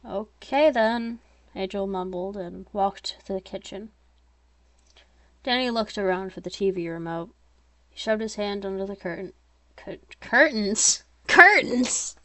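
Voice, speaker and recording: Woman author reading her own tale, plain pitch, dry close sound, slips into chatty asides. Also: moderate pace, pauses often, no room sound. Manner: plain steady reading broken by chatty self-mocking asides. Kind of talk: informal story reading.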